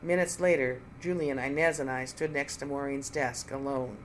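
An audiobook narrator reading a first-person mystery, voice sitting in the middle of the range. The telling is even and clear, with a faint hiss underneath. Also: medium pitch, normal speed, rough recording.

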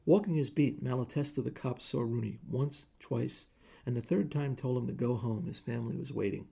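A man reading a short story aloud in measured, plain narration. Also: medium pitch, gravelly, mellow, breathy edge.

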